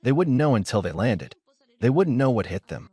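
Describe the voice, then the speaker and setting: A man narrating a first-person story in a steady, measured way. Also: mid-range voice, slightly rough, no echo.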